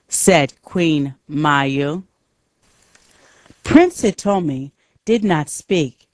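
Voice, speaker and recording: A woman narrating a simple storybook aloud, slow and clear for learners. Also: deep voice, expressive, darkish tone, no echo.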